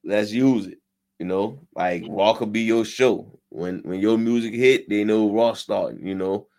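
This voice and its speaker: A man's voice: lowish voice, measured pace, a little mellow. A man co-hosting a casual wrestling podcast, talking bluntly with slang and profanity. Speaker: podcast co-host.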